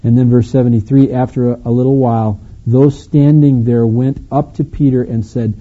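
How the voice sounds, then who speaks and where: A man's voice: mid-range voice, steady tone, normal speed, hardly any pauses, lo-fi sound. A man from Wisconsin with a Wisconsin accent preaching a sermon, earnestly retelling the story and voicing the quoted lines. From Wisconsin, United States. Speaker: pastor.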